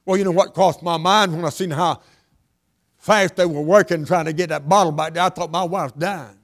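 An older man preaching a sermon, repeating lines for emphasis and swinging between loud and hushed delivery. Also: a little high, fairly even intonation, a little fast.

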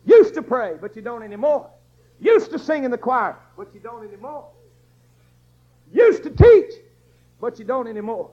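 A man's voice: very high-pitched, big pitch swings, moderate pace, long pauses. A man preaching an emphatic sermon in a repetitive, rousing cadence. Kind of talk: fiery Baptist sermon. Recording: dull lo-fi church recording.

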